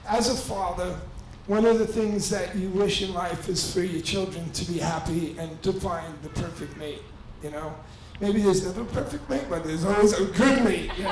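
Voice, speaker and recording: An older man from New York, the father of the groom, giving a rambling, folksy wedding speech. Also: high voice. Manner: rambling, folksy, warm-hearted. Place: wedding reception hall. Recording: echoey hall from far off, crowd noise.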